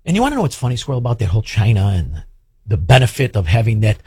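High, animated sarcastic talk radio man. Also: fast talker, breathy edge, no room sound, studio quality. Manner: sarcastic, mocking, hurls insults. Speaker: radio talk show host. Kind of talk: combative talk radio rant.

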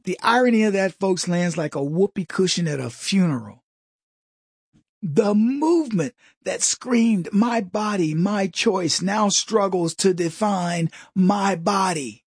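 A middle-aged man delivering a comedic political monologue, mocking and jokey, with quick asides and mimicked voices. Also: high-pitched, animated, slightly rough, no echo, studio quality. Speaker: commentary host.

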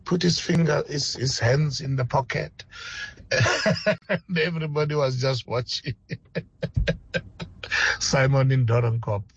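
Slow husky caller on phone. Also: male voice, medium pitch. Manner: slow, chuckling. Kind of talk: phone-in anecdote. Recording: muffled phone line.

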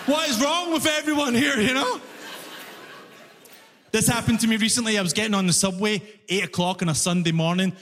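A man doing stand-up comedy on a music hall stage, telling stories with animated exasperation, often breaking into shouts. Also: fairly high pitch. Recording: long reverb of a concert hall.

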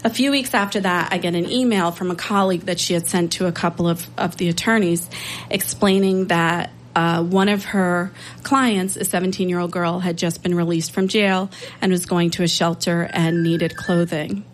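A woman's voice: on the low side, fairly even intonation, moderate pace, low-quality recording. Woman telling a personal story live, earnest, emotional, bit of background noise.

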